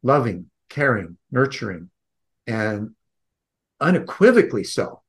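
A man being interviewed on a podcast, telling a personal story in an earnest, gentle way with frequent restarts. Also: medium pitch, very animated, unhurried. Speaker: podcast guest.

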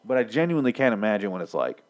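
A man's voice: lowish voice, sing-song. Rambling, profane man recapping a show. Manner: rambling, profane, acts out characters' lines in quick bits. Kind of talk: casual recap commentary.

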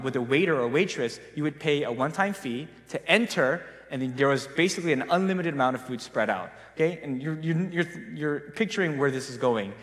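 Raised-voice storyteller preaching in a reverberant hall. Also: male voice, on the high side. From South Korea. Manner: animated storytelling, casual and self-mocking. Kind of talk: sermon. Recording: long reverb of a large hall.

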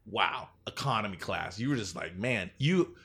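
A man's voice: on the low side, lively intonation, gravelly, bright, forceful tone, husky. Profane joking man in casual banter. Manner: profane, joking, quick quoted bits.

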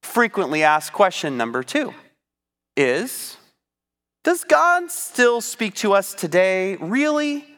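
A man preaching a sermon, teaching from the Bible in an animated, conversational way. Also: high voice, slow, clean tone.

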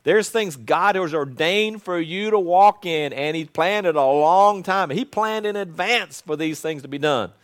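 A male pastor preaching a sermon in an earnest, conversational way that swells into loud proclamation. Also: on the high side, measured pace, hardly any pauses.

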